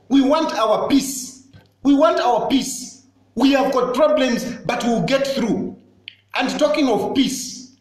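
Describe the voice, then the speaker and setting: A man's voice: very high voice, heavy reverb. A Zambian man with a Zambian accent, giving an impassioned, accusatory political address that repeats its points insistently.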